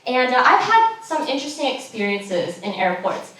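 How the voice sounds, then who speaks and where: A woman's voice: high-pitched, big pitch swings, moderate pace, a bit bright. A young woman from California doing a stand-up comedy set, chatty and self-deprecating with many ums and giggles. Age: young adult. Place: comedy show stage in a room. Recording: very echoey room, picked up from a distance, some noise.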